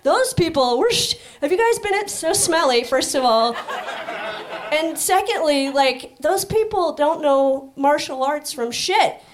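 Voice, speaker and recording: A woman doing a stand-up set on stage, rambling and self-deprecating in a high-strung way. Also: expressive, measured pace. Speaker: stand-up comic. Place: comedy club stage. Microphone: stage microphone.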